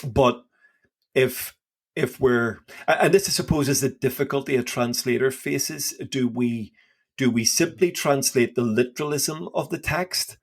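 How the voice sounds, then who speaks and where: A man's voice: medium pitch, measured pace. A man co-hosting a podcast, talking through a Bible passage with enthusiasm and often repeating words as he thinks aloud. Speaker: podcast co-host. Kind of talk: casual Bible discussion.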